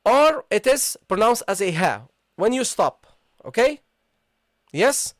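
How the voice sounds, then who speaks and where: A teacher leads a live online language lesson with a patient, repetitive style, often stopping to ask the class if they follow. The voice sits at a middling pitch. The sound is dry, with almost no room around it. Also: big pitch swings, slow, fairly bright tone, no echo. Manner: patient, repeatedly checks in with "okay?" and "guys"; repeats key points and asks the class questions. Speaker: Arabic teacher.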